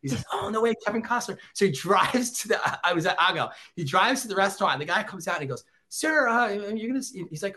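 With a high-pitched voice, this fast talker barely pauses as he shares stories. He's a former celebrity cameraman in his thirties, a guest in a casual interview, animatedly acting out quotes in voices.

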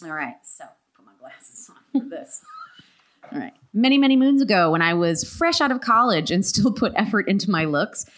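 A woman podcast host reading a listener's story aloud, animated, laughing often with quick asides. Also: mid-range voice.

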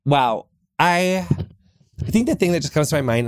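A man hosting a podcast, talking earnestly and reflectively in a small closet, with frequent pauses and restarts. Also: a little high, animated, no echo, studio quality. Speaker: podcast host. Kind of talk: heartfelt solo podcast talk.

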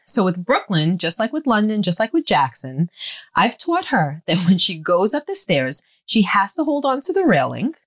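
A woman co-hosting a podcast with her partner, teasing and animated in casual chat, laughing often. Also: lowish voice. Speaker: podcast co-host.

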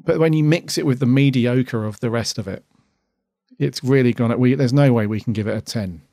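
A man co-hosting a podcast, rambling earnestly with plenty of feeling. His voice has a gravelly, fry-laden texture at an ordinary pitch. The recording is dry and close. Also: fairly quick, dark tone, no echo. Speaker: podcast co-host. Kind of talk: casual review chat.

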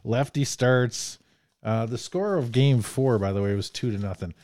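A man's voice: mid-range voice, normal speed, a little mellow, dry recording, studio quality. A man hosting a casual movie discussion podcast, joking and reading from his notes. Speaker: podcast host.

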